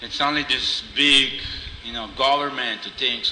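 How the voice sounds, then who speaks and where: Animated preacher man in echoey hall. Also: mid-range voice, unhurried. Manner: animated storyteller, acts out dialogue, laughs often. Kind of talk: informal spiritual talk with anecdotes. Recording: roomy hall echo, faint noise.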